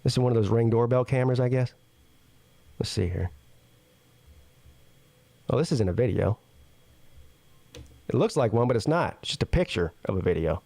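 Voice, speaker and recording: A man reads news stories on his show and stops often to react with blunt, salty asides. His pitch swings up and down a lot, especially when something strikes him as ridiculous. The sound is dry and close, with no room echo. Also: animated, normal speed, gravelly, long pauses, warm tone. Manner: jumps high in pitch when incredulous. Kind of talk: casual news reading with commentary.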